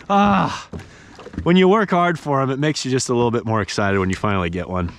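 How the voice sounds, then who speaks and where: A young man narrating his fishing trip outdoors on a river, tired from paddling, bursting into excited exclamations and talking to the fish. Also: mid-range voice, fairly quick, a little hiss or hum. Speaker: fishing vlogger. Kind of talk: casual narration while fishing. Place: outdoors on a river, in a kayak and wading.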